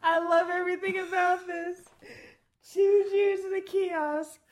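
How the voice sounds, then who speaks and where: A woman's voice: extremely high pitch, flat delivery, measured pace, slight background noise. A woman in casual chat, cutting in with wry, joking reactions.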